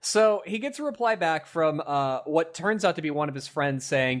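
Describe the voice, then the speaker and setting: A young man hosting a casual podcast, animated and laughing, with lots of fillers. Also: fairly high pitch, normal speed, hardly any pauses. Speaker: podcast host. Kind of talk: casual chat.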